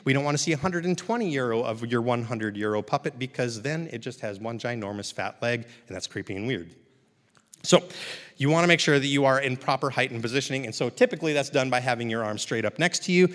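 A man's voice: medium pitch, animated, quick pace, a bit bright. Upbeat man teaching puppetry in a hall. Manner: upbeat, encouraging, joking with the audience. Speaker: puppetry instructor. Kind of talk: live workshop teaching to a seated audience. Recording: long hall reverb, speaker off mic.

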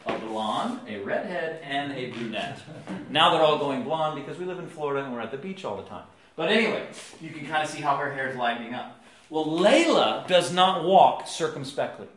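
A man in his thirties preaching a sermon, telling family stories with big swings from hushed to loud. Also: fairly high pitch, lively intonation, moderate pace, roomy sound, slight background noise. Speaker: pastor. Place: church.

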